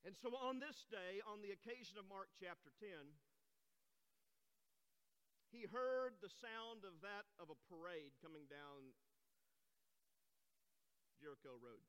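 A man's voice: sits high, animated, takes it slowly, pauses often, a bit bright, clear, resonant tone. A man preaching a sermon, telling a story that builds to impassioned cries, in a church sanctuary. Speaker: pastor. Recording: long hall reverb.

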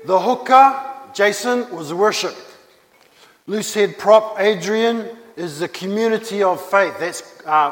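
A high-voiced man delivers a sermon at a slow, deliberate pace. He leans on repetition to drive home his key phrases. His voice carries a long reverb, as if filling a church hall. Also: a bit bright. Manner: earnest, repeats key phrases for emphasis. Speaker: pastor.

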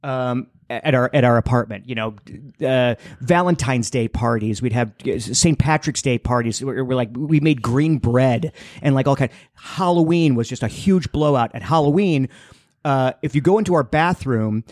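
A young man telling a long, rambling story on a casual podcast, jumping into high-pitched voices for the people in it. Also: normal speed, a little mellow, no echo, clean studio sound. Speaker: podcast co-host.

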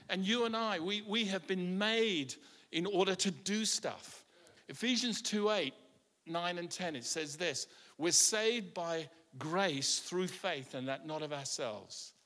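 A man's voice: high voice, a bit bright. A man preaching a sermon with passion, often repeating his words as he starts a line. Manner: impassioned, repeats words when starting lines. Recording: echoey hall.

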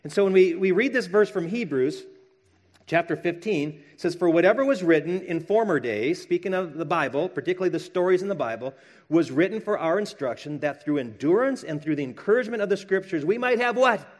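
A middle-aged male pastor delivers a sermon in a relaxed, conversational tone. His voice sits a little high for a man, and he slips into playful quoted voices to make his points. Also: brisk.

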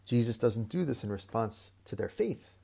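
A man preaching a reflective sermon, speaking in a measured way with repeated phrases and long pauses. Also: medium pitch, animated, gravelly, mellow, husky.

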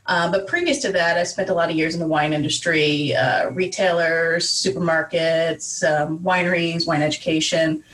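A woman's voice: sits low, steady tone, moderate pace, hardly any pauses, a bit bright. A woman wine writer chatting easily as a guest on a podcast interview. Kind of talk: casual interview chat. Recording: distant from the mic.

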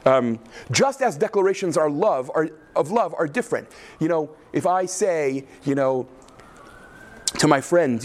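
Animated man teaching Psalms. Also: fairly high pitch, moderate pace. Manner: animated, questioning, frequent "right?". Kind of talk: lecture with class discussion.

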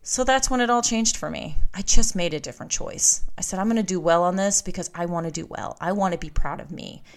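A woman hosts her own podcast, delivering a candid, emphatic motivational monologue into a podcast microphone. Her voice is fairly low in pitch, and she speaks a little fast.

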